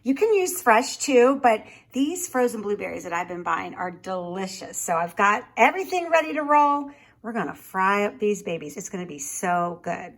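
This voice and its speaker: A woman's voice: mid-range voice, very animated, moderate pace. A woman hosting a casual cooking show from her home kitchen, chatty and folksy, talking straight to her viewers.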